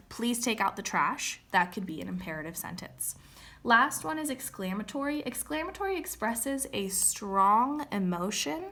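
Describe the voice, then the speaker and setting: A woman's voice: mid-range voice, a bit bright. A young woman teaching a recorded grammar lesson, patiently explaining step by step and checking in with "okay?".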